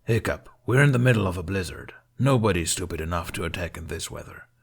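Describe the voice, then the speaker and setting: Gruff Viking chief and father, read by a man, low and curt, dismissive. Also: animated, quick pace, full character voice.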